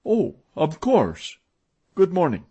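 A man's voice: fairly high pitch, wildly swooping pitch, slow pace, husky, pitched above the performer's own voice, heavily acted. A man putting on a blustering opera manager. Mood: exasperated. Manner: raised, sharp exclamations. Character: excitable male opera manager, impatient, blustering.

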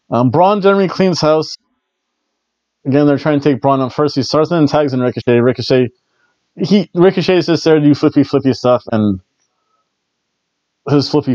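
A man's voice: medium pitch, a little mellow, dry recording. Rambling man recapping wrestling, lo-fi. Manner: rambling, jokey, quick asides. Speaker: wrestling review podcast host. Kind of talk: casual recap commentary.

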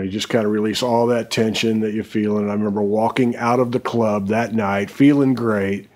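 A middle-aged man telling a personal story in a casual, unhurried way, with frequent fillers. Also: fairly low pitch, a little mellow.

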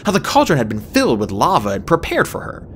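A woman narrating a fantasy audiobook in an expressive storybook style. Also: quick pace, slight background noise. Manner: expressive, swings pitch widely.

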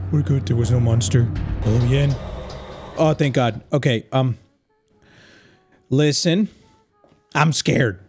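Gamer guy for horror playthroughs, high and animated delivery, jittery and rambling. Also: husky. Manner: jittery, rambling nervous chatter; nervous laughs. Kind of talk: horror game commentary.

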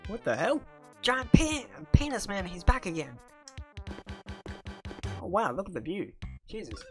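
A woman hosting a gaming video, giving casual commentary while she plays, excitable and blurting out reactions. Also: medium pitch, a little slow, faint music behind. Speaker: gaming channel host.

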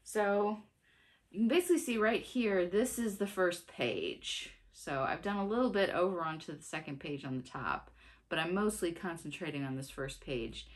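Chatty woman with lively low voice. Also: normal speed. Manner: chatty, laughs often, restarts sentences. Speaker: cross-stitch vlogger. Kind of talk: casual chat.

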